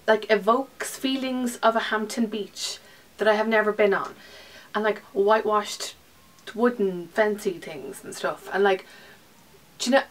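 A young woman with an Irish accent chatting casually through her monthly beauty favourites, rambling and slipping into breathy whispered asides. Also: medium pitch, measured pace. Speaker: beauty vlogger. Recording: slightly distant mic with faint hiss.

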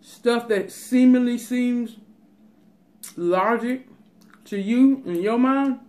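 A woman's voice: on the high side, slow pace, long pauses, mellow. Woman vlogger, casual and emphatic, talks straight to her viewers. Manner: emphatic, advice-giving, repeats "let me tell you". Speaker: cooking and mukbang vlogger. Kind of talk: casual chat.

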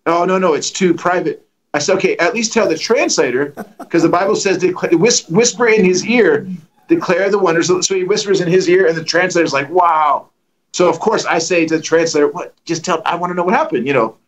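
A middle-aged man preaching, telling testimony stories in an animated way and acting out the dialogue. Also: high-pitched, fairly quick, lo-fi sound. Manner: animated, acts out dialogue with lively voices. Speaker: guest preacher. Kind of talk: storytelling testimony.

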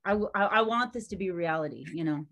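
A woman's voice: lowish voice, animated, fast talker, fairly bright tone. A woman hosting a casual interview, enthusiastic and supportive, with lots of encouraging murmurs. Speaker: host.

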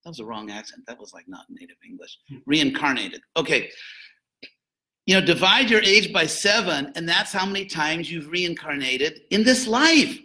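An older man giving an informal, conversational lecture to students as a spiritual teacher, with joking asides and animated emphasis. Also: on the high side, normal speed, rough recording.

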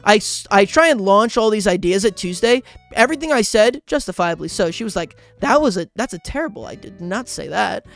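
Excited young man telling a story. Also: high-pitched, moderate pace, creaky, faint music behind. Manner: animated, rambling, frequent "like" and "bro". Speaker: YouTuber.

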